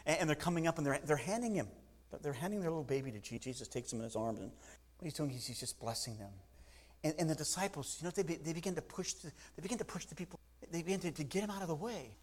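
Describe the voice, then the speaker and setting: A man preaching a sermon, animated and full of restarts, acting out the voices of people in the story. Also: fairly high pitch, quick pace. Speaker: pastor.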